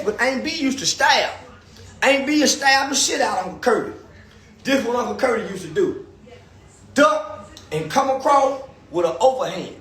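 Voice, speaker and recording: A man on a phone livestream delivering a loud, crude, animated comedic rant, laughing often. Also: extremely high pitch, moderate pace. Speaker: livestream commentator.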